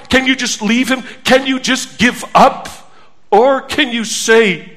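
A man preaching a sermon as pastor, earnest and pleading, moving between hushed stillness and urgent appeals. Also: extremely high pitch, slow pace.

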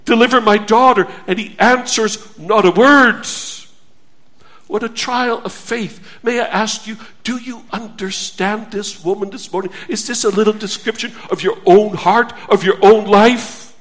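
A man preaching a sermon as pastor, earnest and pleading, moving between hushed stillness and urgent appeals. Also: high voice, fairly even intonation, a little slow.

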